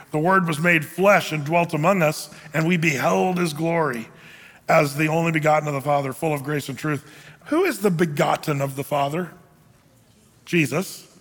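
A man with a high voice delivers a sermon from the stage of a church, and his words ring out with a long hall reverb. He keeps it conversational and lightly joking, stopping often to pose rhetorical questions to the congregation. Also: moderate pace, fairly bright tone. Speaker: pastor.

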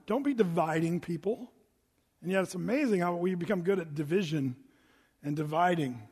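Man, pastor, sermon, high voice, long reverb of a church sanctuary, chatty and emphatic. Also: brisk, slightly rough. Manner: conversational, rhetorical questions, emphatic.

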